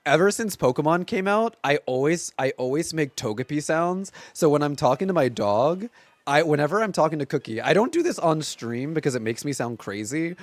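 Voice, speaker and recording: A man's voice: on the high side, animated, fairly quick, no echo. A man in his thirties chatting casually on a live stream from home, rambling along with lots of filler words.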